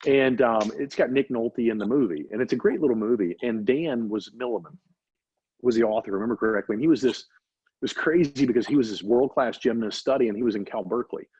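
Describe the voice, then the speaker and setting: A man's voice: medium pitch, fast, a little mellow, slightly rough, dry recording. A man, a doctor being interviewed, telling a story with emphatic repetition. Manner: emphatic, repeats for effect. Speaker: guest, doctor. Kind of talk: animated storytelling in conversation. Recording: dull lo-fi audio.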